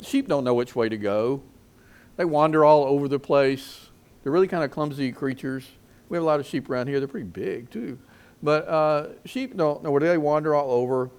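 Preaching to his congregation, this middle-aged pastor asks them questions in call-and-response style. He has a mid-range voice and varies his volume widely to stress his points.

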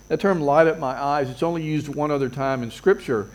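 A man's voice: a little high, a little fast, few pauses, a little mellow. A man preaching a sermon as a pastor, earnest, repeating phrases and building emphasis.

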